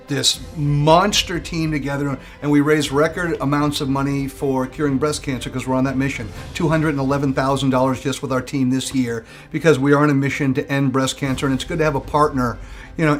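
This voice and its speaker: A man's voice: medium pitch, fairly even intonation, moderate pace. A man speaking in an interview as a charity team organizer, eager and restarting his sentences.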